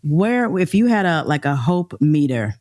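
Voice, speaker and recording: A woman's voice: low-pitched, very animated, unhurried, darkish tone. A woman hosting an interview podcast, affirming her guest with frequent agreement and easy laughter as she asks her questions. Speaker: podcast host. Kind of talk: conversational interview.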